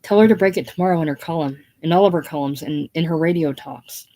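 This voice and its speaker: A woman's voice: deep voice, fast, warm tone. A woman reading the part of a pushy, ambitious young man who hisses his demands. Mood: demanding. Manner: hissing, insistent. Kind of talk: casual play reading.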